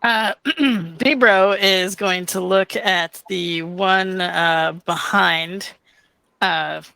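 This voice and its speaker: A woman's voice: medium pitch, steady tone, drawn-out words, vocal fry, pushed and bright, smooth, poor audio. A woman playing a tabletop game, joking and hesitant as she plans her character's moves. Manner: joking, hesitant, lots of fillers. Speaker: player. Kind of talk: casual tabletop play.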